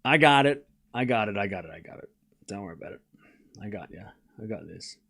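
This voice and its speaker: Hosting a live tennis watchalong stream, a man calls the scores and jokes with chat in an animated, casual style. His voice is lowish, fast and creaky.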